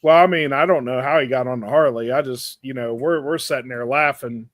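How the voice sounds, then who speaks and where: A man's voice: medium pitch, fairly quick, dry recording. Podcast co-host, male, rambling crude storyteller, dry close sound. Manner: rambling, animated anecdote with crude language. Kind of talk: casual storytelling chat.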